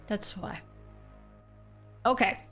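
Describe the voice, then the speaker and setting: A woman's voice: very slow, faint music behind. Chatty young woman streaming a game. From Canada. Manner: chatty, giggly, bursts into excited squeals. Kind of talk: live gameplay streaming with chat.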